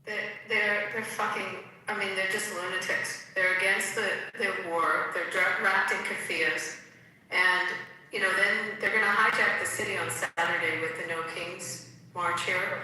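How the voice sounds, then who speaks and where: A woman's voice: medium pitch, fairly even intonation, measured pace, pushed and bright. A woman in a casual political chat, indignantly recounting the news with fillers. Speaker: podcast panelist. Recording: roomy, echoey, far from the mic, faint hiss.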